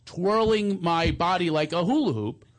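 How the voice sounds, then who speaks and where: A man's voice: high voice, moderate pace. A man telling a funny story in casual chat, laughing often and acting out the other people's lines. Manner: animated, laughing storyteller who acts out the parts.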